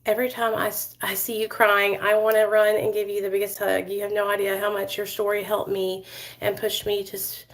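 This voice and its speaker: A woman's voice: medium pitch, flat delivery, a little fast, low-quality recording. Woman, 30s, vlogger, emotional, rambling, casual chat, many fillers. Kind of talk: emotional casual talk to viewers.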